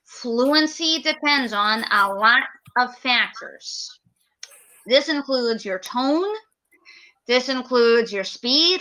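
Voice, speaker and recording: A woman's voice: a little high, animated, takes it slowly, bright, forceful tone, low-quality recording. A woman teaching an English speaking lesson in a live online class, chatty and acting out example answers.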